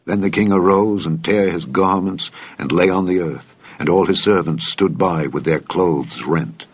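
A man with a very low, husky voice reads scripture in a solemn, measured manner. The recording is dull and lo-fi, and completely dry. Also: no echo. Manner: solemn, measured, archaic phrasing. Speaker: Bible reader.

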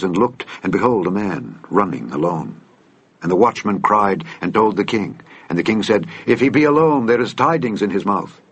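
A man reading an old Bible text aloud in a measured, solemn way. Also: sits low, husky, dry recording. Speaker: scripture reader.

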